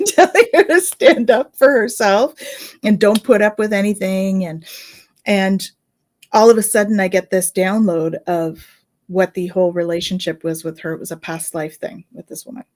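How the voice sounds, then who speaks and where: A middle-aged woman, a Reiki healer and medium, casually telling a story in a chatty, animated way. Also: mid-range voice, normal speed. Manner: chatty, animated, with fillers and laughs.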